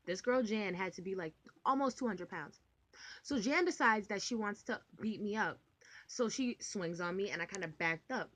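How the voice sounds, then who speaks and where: A young adult woman telling a personal story to camera in a rambling, animated way, full of filler words and the odd swear word. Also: medium pitch, moderate pace. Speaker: vlogger. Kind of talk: casual storytime monologue.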